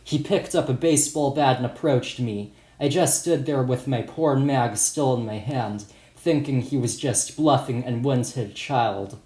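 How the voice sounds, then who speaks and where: A man's voice: mid-range voice, unhurried, few pauses, a little mellow. A man reading his own first-person story as an audiobook in a plain, matter-of-fact way. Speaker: author and narrator. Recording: roomy echo.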